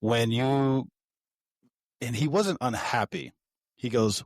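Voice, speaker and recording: A man's voice: mid-range voice, takes it slowly, no room sound. A man co-hosting a podcast, telling rambling stories in a casual way with some swearing and laughing at his own tales. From United States. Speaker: podcast co-host.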